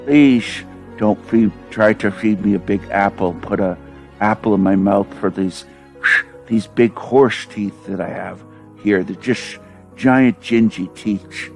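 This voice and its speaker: A gravelly, low, mush-mouthed woman who keeps shushing, drawn out and mocking, as a man puts her on. The voice is slow and lisping. Faint music plays underneath. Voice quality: mushy, lisping delivery with repeated shushing.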